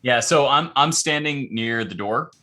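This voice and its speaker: A man's voice: medium pitch, unhurried, pushed and bright. A man playing a tabletop game, speaking casually and hesitantly. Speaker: player. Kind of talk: casual chat.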